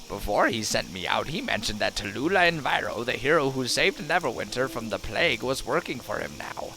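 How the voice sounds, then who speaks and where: A man's voice: mid-range voice, vocal fry, sharp tone, full character voice. A man reading out a game's dialogue for a dutiful male scout, in a stiff, formal way. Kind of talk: reading game dialogue aloud.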